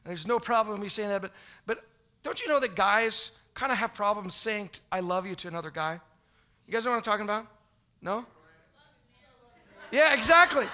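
A man's voice: high-pitched, lively intonation, normal speed, long pauses, sharp tone. A man, a pastor with young sons, giving a chatty, joking Christmas Eve sermon to his congregation. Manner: chatty, joking, with many restarts.

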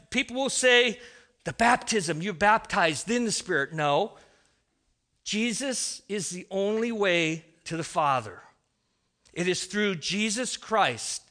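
Bright, high-voiced male preacher. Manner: emphatic, with frequent restarts. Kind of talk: sermon.

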